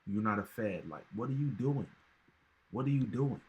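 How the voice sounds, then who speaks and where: A man's voice: lowish voice, animated, moderate pace, muffled recording. A man hosting a reaction video, talking in casual, emphatic commentary with slang and repeated phrases.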